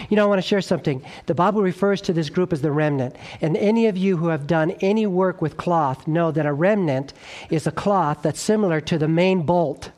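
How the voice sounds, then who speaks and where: A man preaching an evangelistic sermon, earnest and urgent, rising in emphasis and then dropping low and quiet, often checking in with his listeners.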